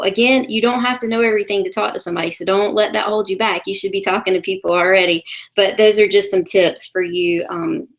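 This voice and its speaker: A woman talks her sales team through a training call in a middle-pitched voice. She sounds loose and conversational, drops in plenty of ums, and keeps nudging her listeners along with encouragement.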